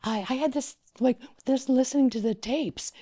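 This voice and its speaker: A middle-aged woman from Louisiana with a husky, breathy voice shares her story as a podcast guest. Her delivery is expressive: she dips into near-whispers and then climbs with excitement. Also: sits high, moderate pace. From Louisiana, USA. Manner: expressive, often drops to a whisper or rises excitedly. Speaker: podcast guest, wedding planner. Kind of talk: animated storytelling in conversation.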